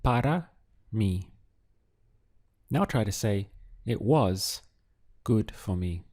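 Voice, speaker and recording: This language teacher's voice is deep, dark, and mellow, his delivery calm and unhurried. He sets out a phrase for translation, waits, then supplies the answer, at times syllable by syllable, in a slow, deliberate audio lesson.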